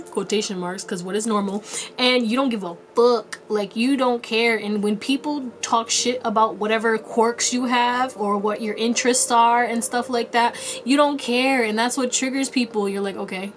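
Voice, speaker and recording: A woman's voice: fairly high pitch, normal speed, a little hiss or hum. A woman giving a casual tarot reading to her viewers, playful and chatty with a lot of slang and frequent laughter. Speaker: tarot reader.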